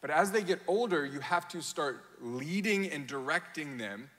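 A man in his thirties preaching a sermon, telling a family story with animated acted-out quotes and self-mocking laughter. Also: on the high side, moderate pace. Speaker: pastor. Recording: long hall reverb.

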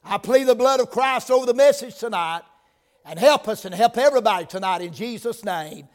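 High-voiced preacher in a reverberant church. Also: male voice, expressive, fairly quick. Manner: builds from quiet prayer to loud emphatic preaching. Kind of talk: sermon. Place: church sanctuary. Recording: long reverb of a church hall.

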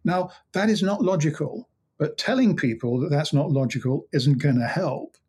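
Talking at normal speed in a voice on the high side, a little mellow with a breathy edge, a man guesting in a conversational interview describes his work as a hypnotherapist and mind coach. His client anecdotes come with lots of restarts and acted-out dialogue.

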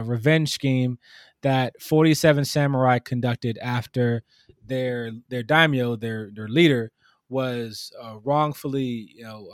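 A man telling a long story in casual conversation, animated and acting out the people in it. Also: medium pitch, dry recording, clean studio sound. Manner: animated storytelling, mimics customers. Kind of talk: casual chat.

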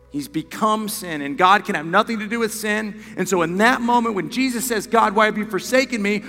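A bright, high-voiced man preaching with passion in a church sanctuary, swinging between hushed words and loud shouts. Long hall reverb carries his voice, and soft music plays beneath it. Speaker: pastor. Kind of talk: sermon.

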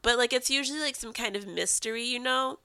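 A woman's voice: on the high side, fast, sharp tone, clear, resonant tone, dry recording. A woman in her thirties hosting a podcast, chatting casually and telling stories animatedly, swearing now and then. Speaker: podcast host. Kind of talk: casual chat.

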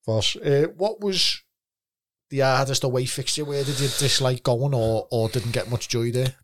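A man's voice: medium pitch, moderate pace. A man who hosts the chat and asks his guest about football in a casual, friendly way. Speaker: podcast host.

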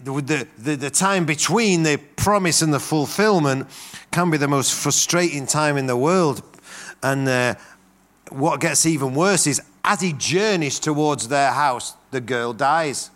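A middle-aged preacher, speaking in a voice a little higher than most men's. He tells stories in a sermon and acts out the quoted lines of the people in them. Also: a little slow. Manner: animated storytelling with acted-out quotes.

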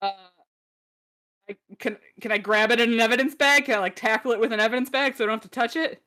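A woman playing a tabletop game, blunt and wry in her remarks. Her voice is bright and her manner is casual. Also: a little high, fast talker. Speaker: player.

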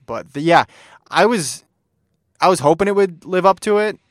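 A man's voice: high-pitched, animated, normal speed, dry recording. Man in a dry close-miked sports chat. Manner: enthusiastic, laughs while telling anecdotes.

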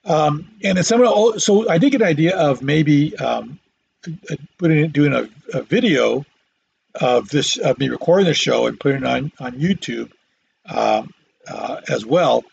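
A man hosting a solo podcast, talking haltingly with lots of fillers and restarts and dry self-deprecating jokes. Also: fairly high pitch, gravelly, a little mellow, breathy edge, lo-fi sound. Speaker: podcast host. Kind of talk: rambling solo podcast monologue. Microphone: microphone.

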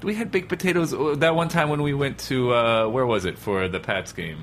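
A man's voice: mid-range voice, fairly quick, slight background noise. A man joining as a studio guest in casual chat, answering with dry, teasing retorts.

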